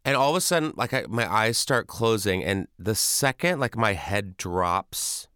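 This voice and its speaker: A man casually telling a story in an animated way, acting out what people said. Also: on the low side, a little slow, clean tone, dry recording, studio quality. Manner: animated, acts out quotes and sounds. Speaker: guest storyteller.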